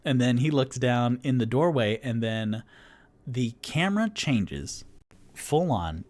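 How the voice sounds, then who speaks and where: A young man narrating and running a solo tabletop game, excitable and rambling. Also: medium pitch, slow. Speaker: game master and solo player.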